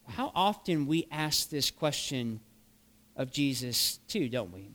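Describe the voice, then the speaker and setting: A man's voice: mid-range voice, very animated, takes it slowly, a bit bright. A man preaching a sermon as a pastor, earnest and full of rhetorical questions.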